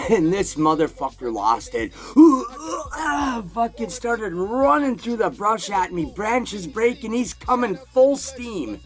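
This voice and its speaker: A man telling a crude, profane personal story in a casual, animated way, swearing constantly. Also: very high voice, measured pace, few pauses.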